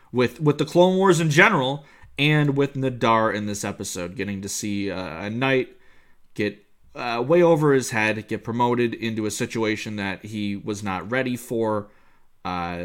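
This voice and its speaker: Enthusiastic rambling man reviewing a show. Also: fairly low pitch. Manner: enthusiastic, rambling with many fillers. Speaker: podcast co-host. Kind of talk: casual chat reviewing an episode.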